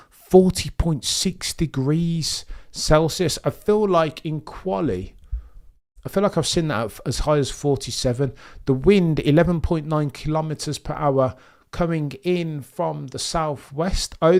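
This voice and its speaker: A young man hosting a live race watchalong stream, chatting excitedly to his viewers. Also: a little high. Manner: excitable, chatty, talks straight to chat. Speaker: livestream host watching a race.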